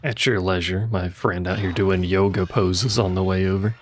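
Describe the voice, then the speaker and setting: A man's voice: sits low, steady tone, normal speed, a little hiss or hum. A man streaming a video game, chatting casually with his viewers and muttering to himself as he plays. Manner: casual, swears now and then. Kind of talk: live gameplay commentary.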